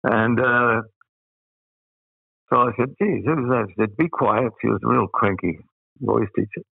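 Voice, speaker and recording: A man's voice: medium pitch, unhurried, creaky, husky, dry recording, phone-quality sound. An older Australian man telling rambling anecdotes as an interview guest, full of fillers. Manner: rambling, with many uh fillers and laughs. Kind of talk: anecdotal storytelling.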